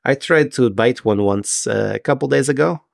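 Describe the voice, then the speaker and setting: A man voicing an odd, formal male Triton prisoner who speaks stiffly and slowly, without contractions. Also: medium pitch, vocal fry, no room sound, studio quality. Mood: earnest. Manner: stilted formal speech without contractions, slow.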